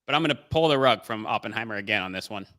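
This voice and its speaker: A man's voice: fairly low pitch, animated, racing, bright, forceful tone, dry recording, clean studio sound. A man co-hosting a casual movie podcast, talking in a laid-back, joking way. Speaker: podcast co-host. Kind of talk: casual chat.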